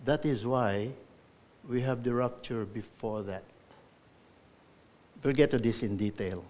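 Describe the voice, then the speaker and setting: A man preaching a sermon in church, earnestly urging listeners, rising to emphatic peaks and falling to soft endings. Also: medium pitch, measured pace. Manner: earnest exhortation with emphatic rises and soft drops.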